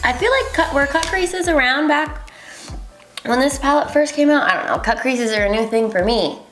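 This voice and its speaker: A woman's voice: high-pitched, lively intonation, normal speed, a bit bright. Chatty woman in an echoey room. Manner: chatty, rambling, lots of ums. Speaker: beauty vlogger. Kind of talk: casual makeup tutorial. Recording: echoey room, faint music.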